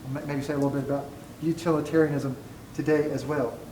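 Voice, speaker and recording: A man's voice: fairly high pitch, steady tone, fast talker, mellow, a little hiss or hum. A man teaching a college ethics class, digressive and self-deprecating, joking with students as he lectures. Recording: echoey classroom from a distance.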